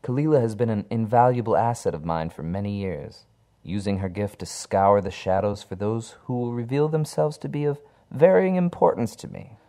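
A man voicing a sinister featureless entity who speaks with smooth, measured menace. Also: on the low side, warm tone, pitched above the performer's own voice, close to an everyday voice. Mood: menacing.

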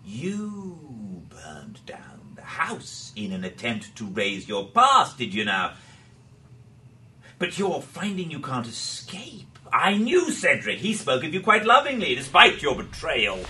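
An actor playing a smug, sharp-witted male doctor held captive, arch and theatrical. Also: a little high, huge pitch swings, a little slow, far from the mic, full character voice. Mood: mocking.

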